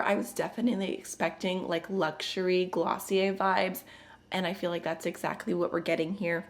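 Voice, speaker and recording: Raspy-voiced woman vlogging casually. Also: on the low side, steady tone, normal speed. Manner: chatty and upbeat. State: hoarse from a chest infection. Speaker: beauty vlogger. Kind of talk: casual chat to camera.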